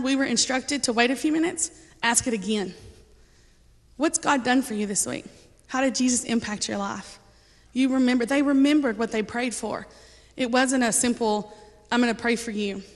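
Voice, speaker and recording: Woman giving a testimony in a church. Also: a little high. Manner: casual and earnest, with frequent ums and light laughter. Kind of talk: personal testimony to a congregation. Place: church sanctuary. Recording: reverberant church hall.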